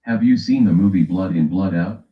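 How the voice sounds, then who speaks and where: Deep-voiced guy messing with his stream chat, slow drawl, dull muffled sound. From West Coast of the US. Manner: teasing, joking with chat, reads a running timer aloud. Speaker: livestream host. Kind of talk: casual livestream chat. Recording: echoey room, dull lo-fi sound.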